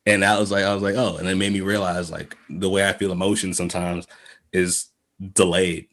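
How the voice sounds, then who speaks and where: A man with a very low, husky voice talks in a loose, rambling way. He restarts his sentences often and swears freely. He slips into quick quoted asides as he goes. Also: little pitch movement, a bit bright. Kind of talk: casual podcast chat.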